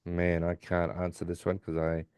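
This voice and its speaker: A middle-aged Australian man co-hosting a podcast in casual, animated, joking chat. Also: deep voice, moderate pace, clear, resonant tone, no echo, clean studio sound. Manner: animated, jokey, talks over his co-host. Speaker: podcast co-host.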